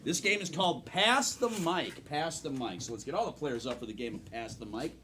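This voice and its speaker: A man's voice: on the high side, animated, fairly quick, pushed and bright, a little hiss or hum. A man in his fifties hosting a live improv comedy show on stage, hyping up the crowd and explaining the games. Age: 50s. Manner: upbeat, hypes the crowd.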